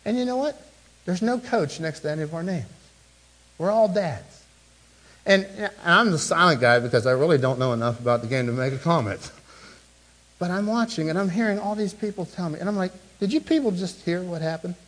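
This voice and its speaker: A middle-aged man preaching a sermon as a pastor, speaking with the congregation, swinging from animated emphasis to hushed, low moments. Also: a little fast, poor audio. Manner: conversational, with asides to the congregation.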